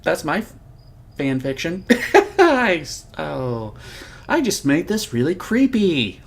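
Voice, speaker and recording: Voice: mid-range voice, very animated, slow pace, gravelly, slightly rough. A let's-play host giving casual, rambling gameplay commentary, chatty and self-deprecating.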